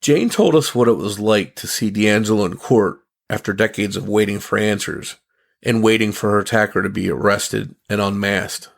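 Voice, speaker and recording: A man hosting a podcast, reading scripted narration in a measured storytelling manner. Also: fairly low pitch, vocal fry. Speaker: podcast host.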